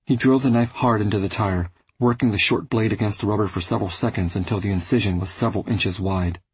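A male audiobook narrator with a low, very husky voice reads first-person literary fiction. His delivery is measured and restrained, and the sound is dry and close. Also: dry recording, poor audio.

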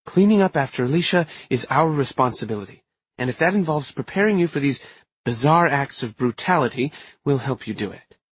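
Man voicing older woman witch, kind, tired, firm, husky, audiobook. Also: medium pitch, expressive, brisk, pitched above the performer's own voice. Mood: calm, firm. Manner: gentle but firm, tired.

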